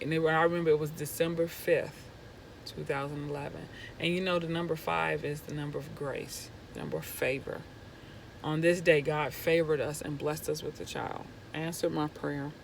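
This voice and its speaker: A young woman vlogger telling a personal story in an animated way, going from hushed to loud when excited. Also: low voice, gravelly, a little hiss or hum, poor audio. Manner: excitable, swings from hushed to near-shouting.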